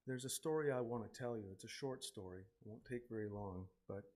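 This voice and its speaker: A man in his forties giving a eulogy for his mother, telling a personal story haltingly with many pauses and repeated words, his voice falling quiet at emotional moments. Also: mid-range voice. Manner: emotional, voice drops quietly at times.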